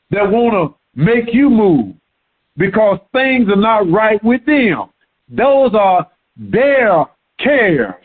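A man preaching a sermon in an animated way, repeating words for emphasis. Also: high voice. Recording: tinny phone-like sound.

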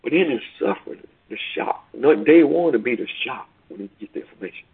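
A man preaching a sermon over a call, rising and falling in pitch and volume and repeating phrases for emphasis. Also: lively intonation, brisk, vocal fry, slightly rough. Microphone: phone call. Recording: tinny phone line.

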